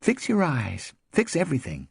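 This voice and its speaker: A woman's voice: sits low, huge pitch swings, normal speed, vocal fry, slightly rough, dry recording, studio quality, pitched above the performer's own voice, full character voice. A man voicing a blunt, sarcastic woman friend. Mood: teasing.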